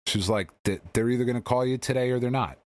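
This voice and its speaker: A man's voice: mid-range voice, fast talker, a little mellow. A man co-hosting a podcast, telling a rambling, candid story in casual chat and swearing often. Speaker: podcast co-host.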